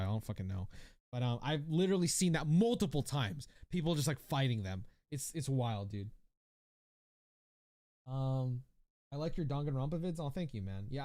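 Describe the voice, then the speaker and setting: A man's voice: fairly high pitch, mellow. Rambling, swearing young streamer guy. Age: 20s. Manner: rambling, swearing, lots of fillers and restarts. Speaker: livestreamer. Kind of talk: casual livestream chat reading viewer comments.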